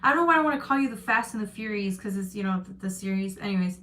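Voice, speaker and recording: A woman's voice: medium pitch, animated, fast, fairly bright tone, a little hiss or hum. A woman giving a live-stream tarot reading, chatting loosely and reading out viewer comments with frequent restarts. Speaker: tarot reader.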